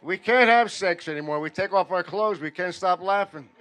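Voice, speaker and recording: Stand-up comic man, slightly high voice. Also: moderate pace. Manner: punchy deadpan storytelling that builds louder toward punchlines. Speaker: stand-up comedian. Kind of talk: stand-up comedy set. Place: veterans' hall function room.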